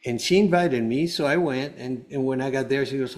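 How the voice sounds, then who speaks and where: A man with a mid-range, darkish voice speaks briskly with hardly any pauses. He's a cancer survivor appearing as a guest on a show, telling the host his story earnestly, meandering and often restarting his sentences.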